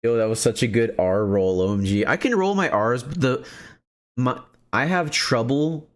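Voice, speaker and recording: A man streaming a video game, chatting casually and joking with his viewers as he plays. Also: fairly low pitch. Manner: playful, joking, chats to viewers. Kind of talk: casual gameplay commentary.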